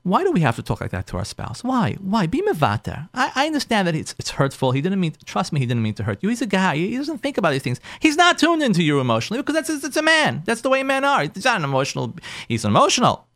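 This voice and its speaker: A man's voice: high-pitched, wildly swooping pitch, fast, a bit bright, no room sound. A man hosting a talk show as a rabbi, giving marriage advice emphatically, repeating phrases and acting out what spouses say.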